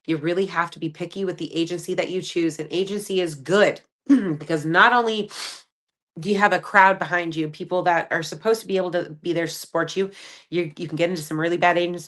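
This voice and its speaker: A woman in her thirties hosting a podcast, giving candid, chatty advice with lots of fillers. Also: on the low side. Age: 30s. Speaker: podcast host. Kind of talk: casual solo podcast monologue.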